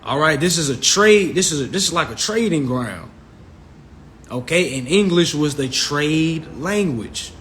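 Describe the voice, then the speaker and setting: A man talking casually to a live audience, animated and loose. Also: measured pace, slight background noise. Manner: animated, shouts quoted voices in a high squeal. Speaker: Instagram live host.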